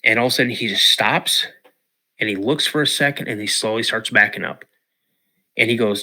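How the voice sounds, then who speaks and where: A man from Washington state, a podcast guest telling a story in an animated way, acting out quotes and repeating words. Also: fairly low pitch, brisk. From Washington state, USA.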